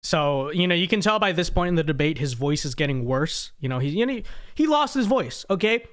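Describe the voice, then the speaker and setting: High-voiced young man ranting to viewers. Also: big pitch swings, a little fast, a bit bright. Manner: rambling, emphatic, talks straight to viewers. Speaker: political commentary host. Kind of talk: casual live reaction commentary.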